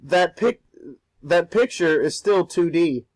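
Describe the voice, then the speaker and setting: A young man with a voice on the higher side chats casually while he draws. He rambles, stumbles over repeated words and swears offhandedly. The sound is dry and close, with no room around it. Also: expressive, slow, dry recording, rough recording. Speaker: art streamer. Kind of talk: casual talk while drawing.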